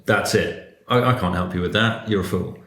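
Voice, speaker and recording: A man giving casual advice on performing, animated and chatty. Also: low voice, normal speed. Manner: animated, chatty, slips into quoted voices. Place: cafe. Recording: echoey room.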